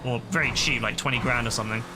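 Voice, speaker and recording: Young southern English male streamer, mid-pitched, casual and rambling, over heavy game sound. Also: steady tone, racing. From southern England. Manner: loose, rambling, many fillers and restarts. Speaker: gaming streamer. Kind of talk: casual chat answering viewers while playing. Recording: loud game noise and engine sounds underneath. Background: video game audio with vehicles.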